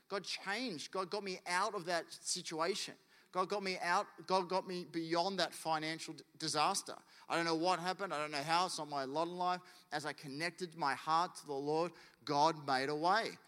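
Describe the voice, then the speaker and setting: A man's voice: on the high side, pushed and bright, big-room sound. A man preaching a sermon as pastor, in a casual, conversational way that acts out quotes.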